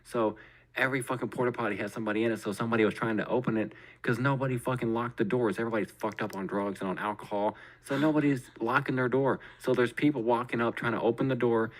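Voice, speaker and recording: A man's voice: mid-range voice, fast. A man hosting a podcast, telling a story in casual chat, swearing constantly and acting out his own reactions. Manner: profane, animated, acts out his own reactions. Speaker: podcast host.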